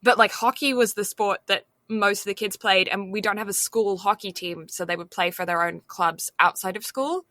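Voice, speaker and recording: Bright-voiced woman chatting casually. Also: medium pitch, normal speed, few pauses, no room sound. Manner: rambling, lots of filler words. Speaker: podcast co-host. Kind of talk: casual chat.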